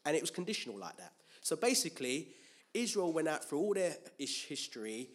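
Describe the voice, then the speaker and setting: A man's voice: a little high, big pitch swings, brisk. A man preaching a Bible teaching sermon, asking rhetorical questions and answering them himself, with frequent restarts and repeated words.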